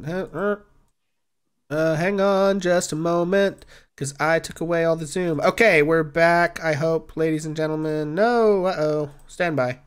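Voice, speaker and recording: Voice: mid-range voice, steady tone, unhurried, clear, resonant tone. An upbeat game master running a tabletop game for a live stream. The delivery is chatty and playful, with little sound effects dropped in between the rolls.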